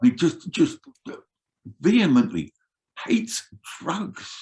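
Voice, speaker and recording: An older man telling roadie stories in an animated, swearing way as an interview guest. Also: a little high, slow. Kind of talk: casual storytelling.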